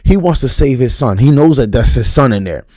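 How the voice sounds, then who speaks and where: A man giving an unscripted, profane, slang-heavy recap of a TV episode, talking fast and getting worked up. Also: mid-range voice, animated, mellow, no echo. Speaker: TV show reviewer.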